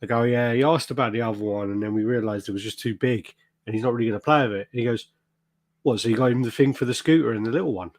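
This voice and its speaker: Swearing podcast host. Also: male voice, mid-range voice, fast, no echo, studio quality. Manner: animated storyteller, swears a lot, acts out quotes. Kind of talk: casual chat.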